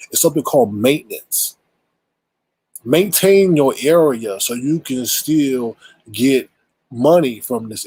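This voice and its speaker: Husky-voiced man ranting bluntly. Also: mid-range voice, a little mellow, dry recording, poor audio. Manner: blunt, exasperated, rhetorical, profane. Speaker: commentary channel host. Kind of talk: casual ranting commentary.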